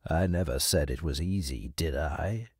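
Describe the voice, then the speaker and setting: A man voicing a proud, condescending male hawk with a deep, unyielding voice in an audiobook story. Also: darkish tone, husky, no echo, clean studio sound, full character voice. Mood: measured. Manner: slow, condescending.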